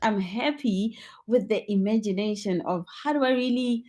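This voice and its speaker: A woman's voice: mid-range voice, normal speed, a little mellow. A woman vlogger giving an unscripted motivational monologue, emphatic and repetitive in a preachy way.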